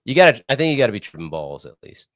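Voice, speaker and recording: A young man co-hosting a casual talk show over a video call, rambling and swearing, his voice hoarse from screaming. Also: mid-range voice, very animated, racing, a little hiss or hum. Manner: rambling, profane, laid-back. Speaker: co-host. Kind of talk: casual podcast chat. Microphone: remote video call.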